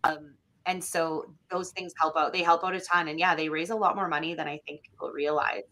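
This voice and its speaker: Bright, chatty woman from Alberta. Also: low voice, brisk. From Alberta, Canada. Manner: chatty and animated, with many fillers and acted-out quotes. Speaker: podcast guest. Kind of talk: casual conversational interview.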